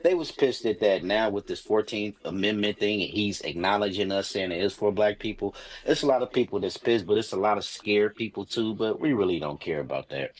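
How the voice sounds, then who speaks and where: A man from the Bay Area calling in to a talk stream, laid-back and rambling, full of shout-outs. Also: fairly low pitch, a little fast, hardly any pauses, rough recording. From San Francisco Bay Area. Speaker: caller. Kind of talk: casual call-in chat.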